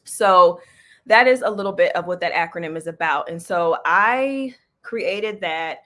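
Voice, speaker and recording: A woman's voice: lowish voice, animated, measured pace, a bit bright. A woman hosting a casual livestream, chatty and loose, breaking off mid-stream, with an out-of-breath edge. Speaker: livestream host and small business coach.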